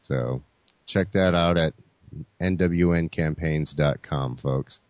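Deep-voiced male podcast host. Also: slow pace, a little mellow, no echo, dull audio. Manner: laid-back, addresses listeners as folks, many "you know" fillers. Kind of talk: casual chat.

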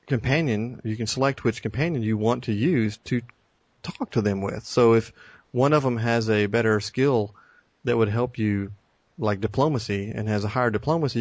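Easygoing low-voiced podcast co-host. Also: male voice, no echo. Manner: enthusiastic, easygoing, says cool a lot. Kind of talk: casual chat.

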